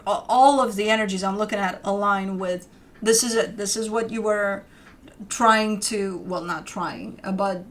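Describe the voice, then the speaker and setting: Woman, young adult, tarot reader, rambling casual talk, fillers and restarts, mid pitch. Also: fairly bright tone. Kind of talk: casual spoken tarot reading.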